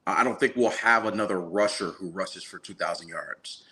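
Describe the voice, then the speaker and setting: A man co-hosting a sports talk show who explains his points in a measured, analytical way. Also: low voice, pushed and bright. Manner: measured, analytical, uses fillers. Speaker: sports talk co-host and reporter.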